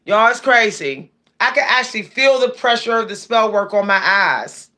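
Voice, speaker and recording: A woman's voice: fairly high pitch, expressive, normal speed, sharp tone. A woman with hosting a casual livestream, chatting and reading viewer comments aloud. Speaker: livestream host.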